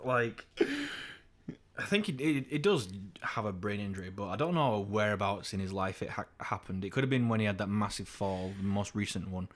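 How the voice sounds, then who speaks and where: Young english guy, kinda low voice, swears a lot, animated podcast banter. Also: moderate pace. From England. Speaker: podcast co-host. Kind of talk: casual chat.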